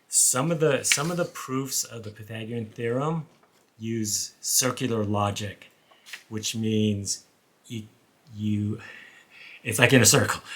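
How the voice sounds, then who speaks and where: A man who once taught high school math, co-hosting a casual chat and rambling with frequent restarts. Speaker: former high school math teacher, co-host.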